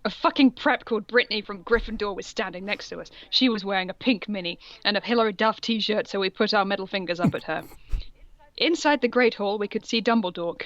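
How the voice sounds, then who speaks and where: A woman's voice: medium pitch, brisk, fairly bright tone, no room sound, lo-fi sound. A woman co-hosting a podcast, reading fan fiction aloud with mocking, laughing asides. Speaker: podcast co-host.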